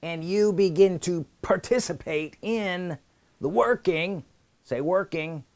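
A man preaching a sermon, emphatic and deliberate, repeating key phrases and asking listeners to say them back. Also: sits high, a little mellow. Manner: emphatic, slow and deliberate with pauses between words.

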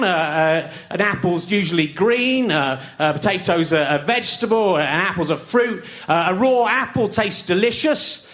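High-voiced, ranting comedian. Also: male voice. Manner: exasperated ranting with shouted bursts. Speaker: stand-up comedian. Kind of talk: stand-up comedy routine. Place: comedy stage before a live audience. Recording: roomy venue with audience noise.

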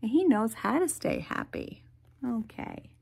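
A woman reading a picture book aloud to children, animated, with sound effects and soft whispered asides. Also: fairly high pitch, unhurried, creaky, husky. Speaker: storyteller.

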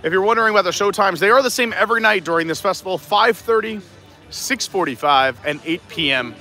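Live-stream host, man, high and bright, chatty with a quick laugh, out walking the park. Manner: chatty, laughs often, walking while talking. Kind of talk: casual live-stream vlog chat. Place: outdoors at a theme park.

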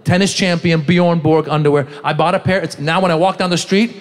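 A man's voice: a little high, fairly even intonation, brisk, noisy background. A middle-aged man doing a stand-up comedy set on a club stage, quizzing the crowd and acting out characters. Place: comedy club stage before a live audience.

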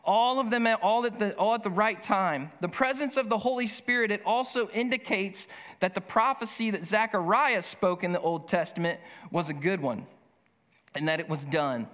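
A male pastor preaching a sermon, reading scripture slowly and speaking in an earnest, emphatic way. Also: sits high, a bit bright. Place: church sanctuary. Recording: long church hall reverb.

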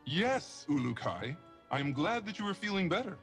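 An actor playing a young, earnest alien guardian in a video game, speaking formally and with measured care. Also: male voice, fairly high pitch, big pitch swings, a bit bright. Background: game music.

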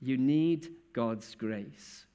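A man's voice: medium pitch, very slow, dark tone, clear, resonant tone. A man preaching a sermon in a church in a conversational way, often putting questions straight to his listeners.

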